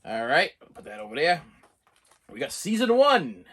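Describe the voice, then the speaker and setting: Man, Boston accent, lively up-and-down delivery, rambling collector vlogger. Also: a little high, normal speed, husky. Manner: rambling, excitable, talks straight to viewers. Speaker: physical media collector unboxing. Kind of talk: casual unboxing vlog.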